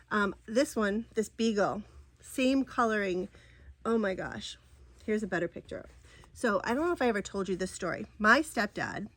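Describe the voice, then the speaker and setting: A woman's voice: mid-range voice, dry recording. A middle-aged woman chatting through a cross-stitch vlog, rambling and gushing, with many ums and restarts. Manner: gushing over crafts. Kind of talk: casual chatty show-and-tell.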